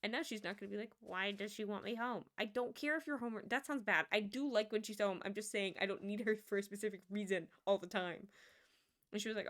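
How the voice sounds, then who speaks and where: A woman's voice: mid-range voice, fast. A young woman streamer chatting casually, telling rambling, self-amused stories with frequent laughs.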